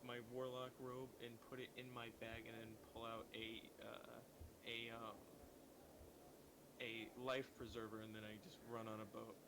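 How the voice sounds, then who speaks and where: A man's voice: mid-range voice, level tone, moderate pace, creaky, background noise. A man playing a tabletop game in a playful, goofy way. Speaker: player.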